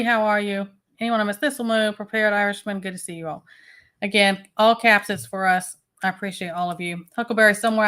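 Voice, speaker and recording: A woman's voice: mid-range voice, fairly bright tone. Woman, livestream host, casual chat, friendly roll call of viewers, mid-range voice. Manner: chatty, greets viewers one by one.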